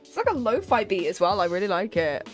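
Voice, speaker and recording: A woman's voice: mid-range voice, very animated, brisk. Chatty British woman streaming a game. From Britain. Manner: chatty, reacts to the game, laughs easily. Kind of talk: casual chat while playing a game. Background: game music.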